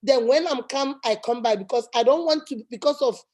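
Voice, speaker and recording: Woman, high-pitched, mellow tone, emphatic advice chat, repeats her points. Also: fairly quick. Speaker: channel host.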